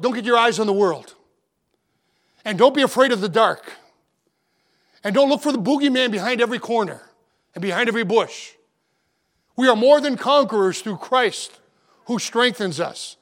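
Middle-aged man, pastor, very high voice, earnest sermon delivery with frequent repeats. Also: a bit bright. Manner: fervent preaching, with frequent repeated words and restarts; slows to a measured cadence when reading scripture.

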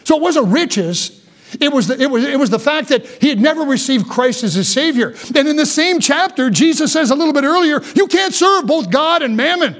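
A man preaching with a strikingly high voice. He delivers a fervent sermon as a pastor, dropping low and soft for solemn warnings and climbing again as he urges his listeners. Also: lively intonation, brisk.

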